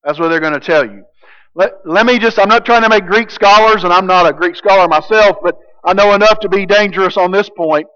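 High-voiced man preaching emphatically. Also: brisk, dull audio. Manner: emphatic, swings from hushed to loud. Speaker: pastor. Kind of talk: sermon.

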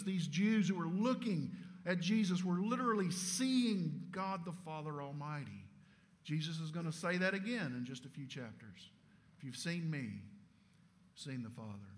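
A man preaching a sermon emphatically, asking rhetorical questions and dropping his voice low at the ends of phrases. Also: fairly bright tone.

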